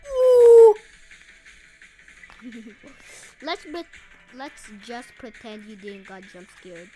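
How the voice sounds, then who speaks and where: A woman commenting excitedly over her own gameplay, yelping and joking as she plays. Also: mid-range voice, slow, over music. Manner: excitable, yelps and screams often; playful, jokey asides. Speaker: gaming video host. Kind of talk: let's-play commentary.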